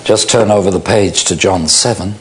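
A man preaching a sermon, slow and illustrative, acting out little mock quotes to make his point. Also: low voice, fairly bright tone, a little hiss or hum.

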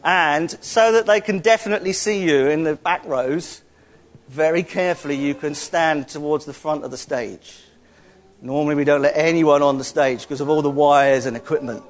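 High-voiced, playful church speaker. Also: male voice, moderate pace. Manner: playful, joking, calls out loudly to the room. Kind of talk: interactive sermon with the congregation.

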